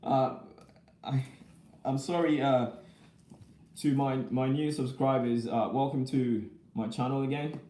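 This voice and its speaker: Casual young male vlogger, rambling and chatty, mellow tone, roomy echo. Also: medium pitch, fairly even intonation, a little slow, pauses often. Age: young adult. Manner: chatty, rambling, reads and answers viewer comments; laughs often between remarks. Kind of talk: casual live-chat unboxing.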